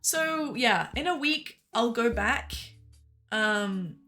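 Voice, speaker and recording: A woman's voice: a little high, lively intonation, slow pace, sharp tone, soft background music. A woman streamer telling a story in casual chat, rambling with fillers and laughs.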